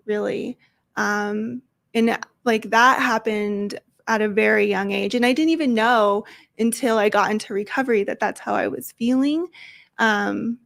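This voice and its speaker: A woman's voice: mid-range voice, gravelly, fairly bright tone, no echo. A woman from Colorado telling her recovery story as a guest. She sounds like a Valley girl and talks openly, close to tears. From Colorado, USA. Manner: open and emotional, quick to tear up. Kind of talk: sharing a personal recovery story. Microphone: close studio microphone.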